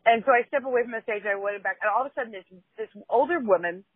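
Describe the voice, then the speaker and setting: A woman with a husky, breathy voice, talking bluntly and animatedly as a podcast co-host. Her voice comes through a dry, phone-like line with no room sound. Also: a little high, rapid-fire, dry recording. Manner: blunt, storytelling, frequent restarts. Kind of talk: casual podcast chat.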